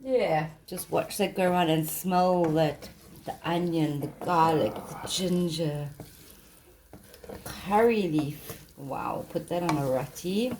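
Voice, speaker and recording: A woman's voice: fairly low pitch, slow, darkish tone, a little hiss or hum. A woman cooking and plating food for a vlog, chatting cheerfully and laughing often. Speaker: vlog co-host and cook. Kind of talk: casual cooking chat.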